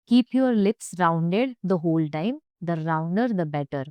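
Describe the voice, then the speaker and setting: A woman's voice: on the low side, lively intonation, a little slow, clear, resonant tone, no room sound, lo-fi sound. A young woman teaching German pronunciation, speaking carefully and repeating each sound for learners. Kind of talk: pronunciation lesson.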